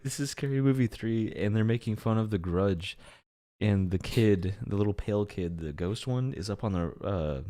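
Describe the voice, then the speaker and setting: A man's voice: fairly low pitch, moderate pace, warm tone. A man co-hosting a podcast, telling stories in casual chat and laughing often. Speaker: podcast co-host.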